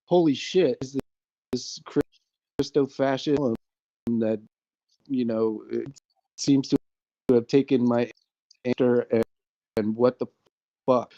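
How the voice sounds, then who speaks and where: A man, a guest on an online stream, talking in halting, broken-up fragments over a connection that keeps dropping. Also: mid-range voice, dark tone, no room sound. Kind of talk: casual conversation. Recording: muffled, dropping internet audio.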